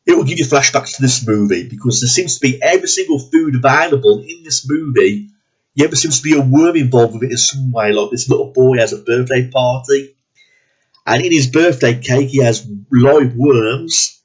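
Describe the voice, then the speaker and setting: A man's voice: medium pitch, moderate pace, slightly rough. A man ranting bluntly and profanely in a movie review, sounding disgusted and exasperated. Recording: dull lo-fi recording.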